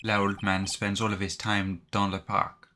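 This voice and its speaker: A man voicing a charming male French restaurateur, with a deliberately over-the-top fake French accent, speaking slowly and suavely. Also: lowish voice, gravelly, slight background noise. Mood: coy.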